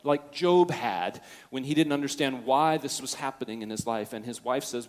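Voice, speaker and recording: A man's voice: medium pitch, normal speed, hardly any pauses. Man preaching a dynamic sermon. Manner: dynamic, swinging from hushed to loud, acting out quotes. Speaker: pastor.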